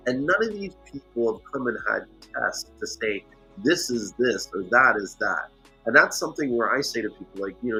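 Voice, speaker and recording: A man's voice: medium pitch, breathy edge. A man hosting a casual livestream chat, telling stories and acting out other people's voices. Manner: animated storytelling, acts out others' voices. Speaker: host.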